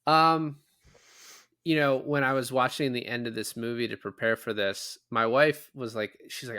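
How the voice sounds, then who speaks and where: Bright-voiced man in casual podcast chat. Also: mid-range voice, normal speed, dry recording, studio quality. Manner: animated, swears freely, many fillers. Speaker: podcast co-host. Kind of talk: casual movie review chat.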